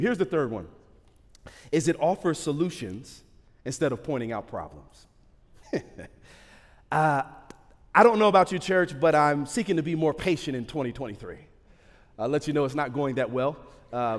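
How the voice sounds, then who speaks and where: A man preaching a sermon to his church in a lively, joking, conversational way. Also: fairly high pitch. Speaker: pastor. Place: large church hall. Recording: hall reverb.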